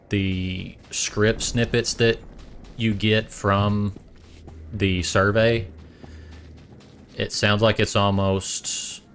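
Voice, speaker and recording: A man's voice: lowish voice, slight background noise. A man with a Boston accent chatting casually on a stream, rambling and correcting himself as he goes. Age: adult parent.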